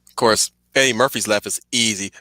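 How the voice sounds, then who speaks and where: Excitable man rambling on a stream. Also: medium pitch, no echo. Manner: excitable, digressive, laughs often. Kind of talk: casual rambling commentary.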